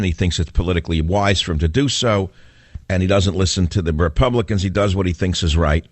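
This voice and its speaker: A man's voice: deep voice, no echo. A man with a New York accent hosting a talk radio show, delivering a combative, sarcastic monologue full of rhetorical questions.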